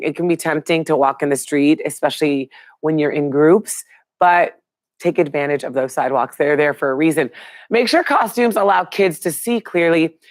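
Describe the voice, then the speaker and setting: A woman's voice: on the low side, no echo. A middle-aged woman hosting a live online show, chatting casually and upbeat with viewers and reading out their names.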